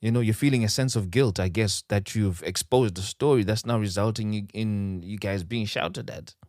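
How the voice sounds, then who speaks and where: A male podcast host reflecting calmly and analytically on a guest's story, using psychology terms. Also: fairly low pitch, normal speed, dry recording, clean studio sound. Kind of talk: interview reflection.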